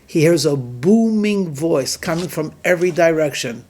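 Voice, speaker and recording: A man giving a sermon as a rabbi, telling a story and drawing its lesson in a measured, deliberate way. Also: on the high side, expressive, darkish tone. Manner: measured, deliberate delivery with emphatic pauses.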